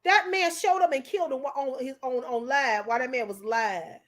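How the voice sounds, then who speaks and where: Emotional, preachy high-voiced woman. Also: moderate pace, a bit bright. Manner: preachy, repeats herself, calls listeners honey. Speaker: commentator. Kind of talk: emotional commentary.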